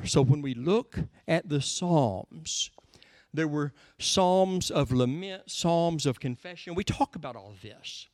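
A man preaching with earnest, conversational warmth, leaning on key words by drawing them out slowly. His voice sits a little high for a man, and the sound is close and dry, with no room echo. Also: expressive. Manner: earnest, conversational teaching with slow emphasis. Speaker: pastor. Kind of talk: sermon.

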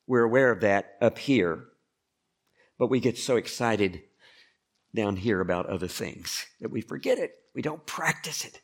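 A man's voice: fairly low pitch, animated, unhurried. A male pastor preaching a conversational sermon, often turning to ask the listeners questions. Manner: conversational, asks the congregation questions.

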